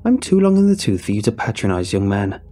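A man's voice: fairly low pitch, sing-song, fast, dark tone, slightly rough. A man voicing a shrewd, shriveled elderly woman who squawks and rambles. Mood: squawking, rambling.

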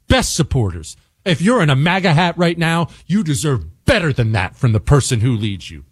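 A man's voice: medium pitch, slightly rough, no echo, clean studio sound. A man hosting a talk radio show, giving an angry, emphatic political monologue and repeating words for stress.

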